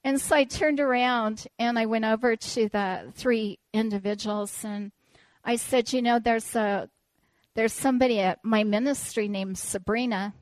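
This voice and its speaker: Woman preaching, telling a story on herself, talks slow, kinda high voice. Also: no room sound. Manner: storytelling, animated and self-deprecating. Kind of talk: sermon with personal story.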